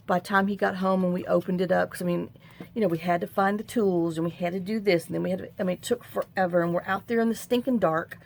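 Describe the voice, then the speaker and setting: Low, gravelly-voiced woman crafter. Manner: rambling, chatty storytelling with sighs and asides. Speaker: crafting tutorial host. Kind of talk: casual crafting tutorial chat. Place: home craft room.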